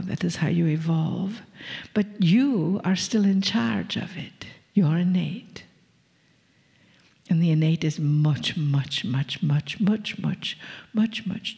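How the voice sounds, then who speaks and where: A woman channeling a group of gentle, teasing spirit beings who speak as "we", in a slow, half-whispered spiritual talk to a live audience. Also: fairly low pitch, gravelly, heavily acted. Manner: slow, drawn-out, half-whispered, playful chuckles. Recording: long reverb of a large hall.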